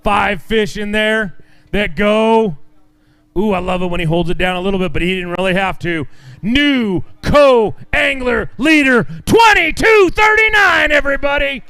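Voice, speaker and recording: High, clear-voiced male weigh-in emcee. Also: fairly even intonation, normal speed, a bit bright. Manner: upbeat, joking banter with anglers. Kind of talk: live weigh-in announcing. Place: outdoor fishing tournament weigh-in.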